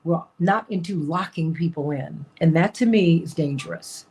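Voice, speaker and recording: Husky american woman host, chatty and emphatic, repeats herself, laughs a lot. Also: deep voice, normal speed, darkish tone. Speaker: talk show host. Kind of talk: casual talk show monologue.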